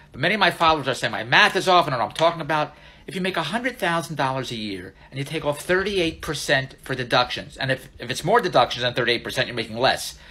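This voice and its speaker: Older guy hyping his money hustle into a phone, bright voice, keeps repeating himself, bit of background noise. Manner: boastful, excitable sales pitch, repeats himself, laughs at his own jokes. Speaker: social media entrepreneur. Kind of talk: casual selfie vlog monologue. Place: out and about in a shopping mall and streets.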